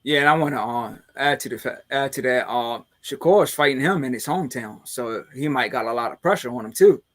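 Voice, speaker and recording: A man's voice: medium pitch, brisk. A man hosting a casual podcast chat who rambles along, filling his talk with "man" and "you know". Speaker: podcast host.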